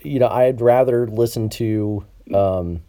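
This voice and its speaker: Chatty nasal podcast host, deep mellow voice. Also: male voice, slow. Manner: chatty, many ums and restarts. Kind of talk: casual podcast chat. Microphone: over Skype.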